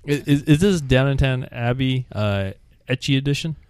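A man's voice: mid-range voice, normal speed, darkish tone, smooth. A man co-hosting a podcast, running through a list in playful, teasing chat. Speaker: podcast co-host. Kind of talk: casual chat.

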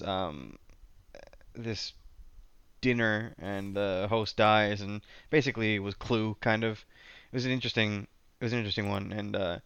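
Rambling man, smooth lo-fi voice. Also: on the low side, a bit bright, dry recording. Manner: rambling, many restarts and fillers. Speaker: podcast guest, tabletop player. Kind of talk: casual chat.

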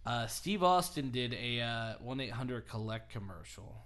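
Male podcast host, casual and comedic; bright, clear tone; lively storyteller who slips into voices. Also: medium pitch, moderate pace. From St. Louis, USA. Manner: animated storyteller, acts out quoted lines, laughs often.

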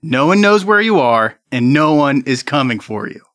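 Brief: man doing a commanding female officer, stern and lively. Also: mid-range voice, normal speed, dry recording, studio quality. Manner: stern, clipped orders. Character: gruff woman officer on walkie-talkie, commanding.

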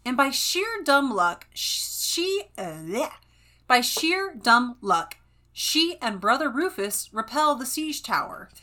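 A woman's voice: high-pitched, sing-song, slow pace, pushed and bright. A woman from California, co-hosting a podcast, recapping a book in casual chat and laughing often. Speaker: podcast co-host.

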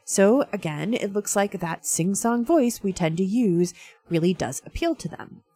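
A woman's voice: medium pitch, expressive, a little slow, warm tone, no echo. A woman hosting a casual talk segment, chatty and full of fillers as she walks through a science story. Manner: chatty, many fillers, self-described science dork. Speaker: host.

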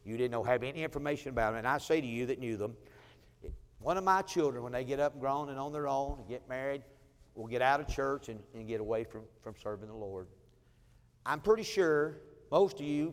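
A man's voice: mid-range voice, fairly quick. A middle-aged man preaching as pastor, telling family stories and acting out the people in them, with chuckling asides. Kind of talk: sermon. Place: church sanctuary. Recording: long church hall reverb.

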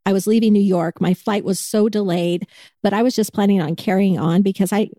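A woman's voice: medium pitch, fairly quick, no echo. A woman chatting casually as a co-host, telling stories animatedly and acting out the people in them. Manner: animated storyteller, acts out quoted people. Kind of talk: casual chat.

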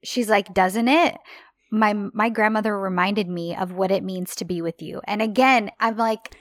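A woman's voice: medium pitch, steady tone, normal speed, no room sound, clean studio sound. A woman co-hosting a casual chat about a TV series, retelling scenes with sighs and exclamations. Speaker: podcast co-host.

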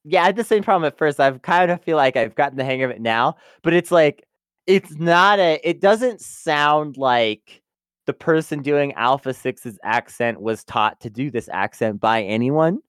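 A man's voice: on the high side, normal speed, a bit bright, clean tone, dry recording, studio quality. A man co-hosting a casual review podcast, laughing often and stumbling over his words. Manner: laughs a lot, stammers, playful mock voices. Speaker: podcast co-host.

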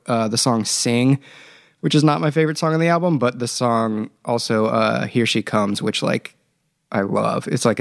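Man, gravelly voice, dry close sound, rambling casual podcast chat, laughs a lot. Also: mid-range voice, no echo. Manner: rambling storyteller, laughs often. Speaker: band member podcast host.

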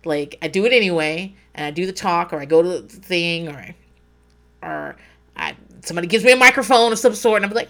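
Animated, swearing woman on a podcast. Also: lowish voice, a little fast. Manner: animated, swearing, laughing often, acting out her inner voice. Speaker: podcast co-host. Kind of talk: casual chat.

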